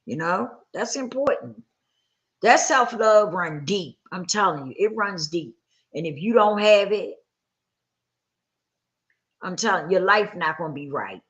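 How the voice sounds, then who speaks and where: Low-voiced woman giving earnest advice. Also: lively intonation, measured pace, long pauses. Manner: earnest, repeats her points for emphasis; checks in with listeners. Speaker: livestream host. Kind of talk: motivational talk to a live audience.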